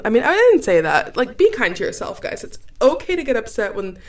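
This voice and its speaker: A young woman hosts a podcast and tells a story, chatty and animated, with "like" in nearly every sentence. Her voice sits in a middle pitch, and she grew up in Cameroon. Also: brisk, hardly any pauses. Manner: chatty, animated, heavy use of "like". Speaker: podcast host. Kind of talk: casual storytelling.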